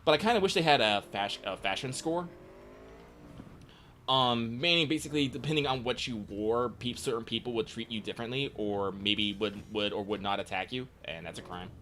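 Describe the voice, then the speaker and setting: A male co-host in casual chat about games with a mid-pitched voice. He hesitates, circles back and fills gaps with ums, over faint background noise. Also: normal speed, sharp tone. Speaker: podcast co-host.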